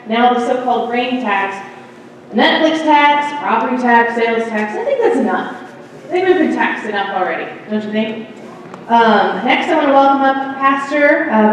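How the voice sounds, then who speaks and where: A fairly high-voiced woman emceeing a town hall. She talks casually and sarcastically, rattling off items one after another. Her voice rings through a very echoey hall, picked up from a distance with faint noise. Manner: sarcastic, listing things off. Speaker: event emcee. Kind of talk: casual public remarks. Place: town hall meeting in a large hall.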